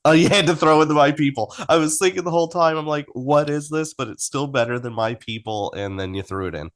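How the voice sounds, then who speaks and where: A man's voice: fairly high pitch, fast talker. A man co-hosting a faith podcast, chatting casually and trading jokes with his co-host. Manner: easygoing, jokey banter. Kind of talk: casual chat.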